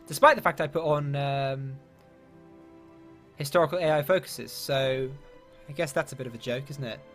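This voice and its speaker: A man's voice: medium pitch, normal speed, fairly bright tone, soft background music. A man giving chatty, upbeat let's-play commentary with British slang and mild swearing. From London, England. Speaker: gaming YouTuber.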